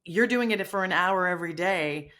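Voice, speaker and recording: A middle-aged woman with a fairly low voice chats on a podcast as co-host. She tells stories animatedly, restarting sentences and acting out what people said. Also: normal speed. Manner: animated storyteller, many restarts and acted quotes. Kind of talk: casual chat.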